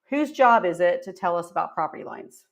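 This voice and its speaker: A woman's voice: on the low side, expressive, a little fast, gravelly. A woman co-teaching a live real estate webinar, reading out quiz questions and chatting through answers. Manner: conversational, quizzing students. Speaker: real estate exam co-instructor.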